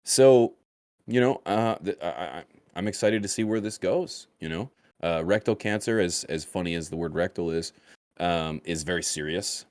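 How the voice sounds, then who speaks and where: Deep-voiced podcast host. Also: male voice, moderate pace, a little mellow, no echo, clean studio sound. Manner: laid-back, stumbling, repeats words. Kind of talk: casual chat.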